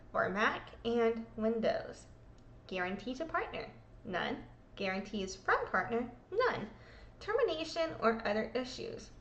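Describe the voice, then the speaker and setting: Woman host, high voice, echoey room, irreverent, swears, reads legal exhibits casually. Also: a bit bright, a little hiss or hum. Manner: irreverent, swears freely, self-mocking. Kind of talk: casual commentary reading court documents.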